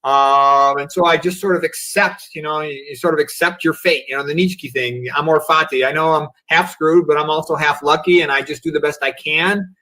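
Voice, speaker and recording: A man's voice: a little high, steady tone, a little fast, hardly any pauses, pushed and bright, rough recording. A middle-aged man, a physician guest on a remote video call, talking in a reflective, philosophical way and often saying "you know" and "okay". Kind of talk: casual livestream interview.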